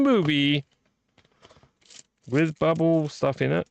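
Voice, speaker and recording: A man's voice: mid-range voice, lively intonation, normal speed, pauses often, no room sound. Tipsy man rambling on a late stream. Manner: rambling, teasing a viewer by name. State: tipsy from drinking. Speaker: vlog host. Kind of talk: late-night live stream chat.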